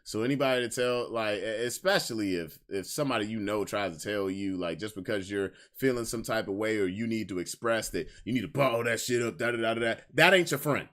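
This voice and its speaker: A man's voice: on the low side, a little fast, few pauses, fairly bright tone. A young man hosting a casual podcast stream, talking candidly in slang and repeating lines for emphasis. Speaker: podcast host. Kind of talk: casual livestream chat.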